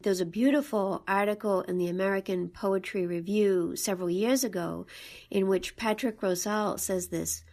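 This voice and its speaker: A woman's voice: mid-range voice, fairly even intonation, normal speed, darkish tone. A woman co-hosting a podcast, explaining a poem's rhythm with enthusiasm. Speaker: podcast co-host. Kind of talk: casual poetry discussion.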